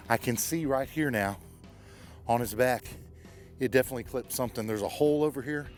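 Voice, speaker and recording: Out in the woods, a bowhunter narrates his hunt in short, plain spoken phrases for a hunting show. His medium-pitched voice moves fairly quickly, with faint music behind him.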